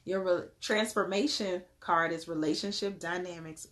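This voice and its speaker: A young woman, giving an animated live tarot reading and greeting her viewers. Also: fairly low pitch, normal speed, few pauses, a little hiss or hum. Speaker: spiritual tarot card reader.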